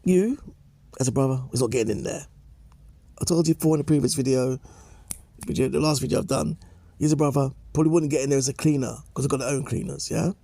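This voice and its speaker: Gravelly man lecturing. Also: mid-range voice, fast talker, warm tone, no echo. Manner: lecturing, repeats "yeah?" and "okay?" tags; emphatic, restates points for effect. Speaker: commentator. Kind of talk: opinion commentary vlog.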